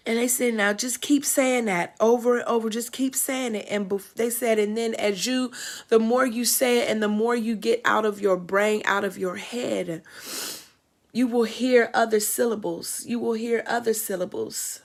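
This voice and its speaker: A woman's voice: on the high side, fairly even intonation, normal speed. A middle-aged woman hosting a livestream, telling a personal story in a reflective way that builds to emphatic testimony. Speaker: host.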